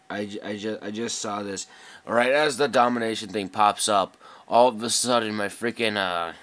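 A young man talks his way through a flight combat match in a low, unhurried voice. He grumbles and swears at lag and enemy planes, muttering half to himself. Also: a bit bright. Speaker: gameplay commentator. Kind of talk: live gameplay commentary.

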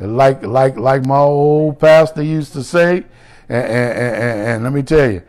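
A middle-aged man preaching a sermon, animated, with shouted exclamations and slow, drawn-out scripture reading. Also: mid-range voice. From United States. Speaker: bishop and pastor.

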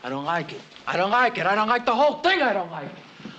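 An actor playing a bossy male gang flunky who shouts orders. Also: high-pitched, very animated, quick pace, muffled recording, a little hiss or hum, full character voice.

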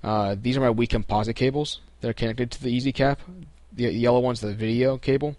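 A young man hosts a casual screen-recorded tutorial, explaining a computer process step by step at a slightly fast clip. His voice is medium-pitched and the audio is dry, and he sounds relaxed while stumbling through plenty of ums and restarts.

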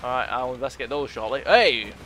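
A man's voice: mid-range voice, brisk, bright, forceful tone, a little hiss or hum. A young man talking through a video game, chatting to the enemies and muttering asides. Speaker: gaming YouTuber. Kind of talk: let's play commentary.

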